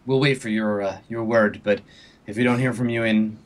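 A man's voice: on the low side, fairly even intonation, normal speed, close to an everyday voice. A man voicing a stern female fleet leader who is urgently pleading for help. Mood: polite, urgent. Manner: earnest, pleading.

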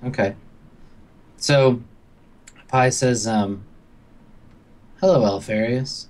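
Game master, man, hesitant, filler-heavy narration, mid pitch. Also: extremely slow, darkish tone.

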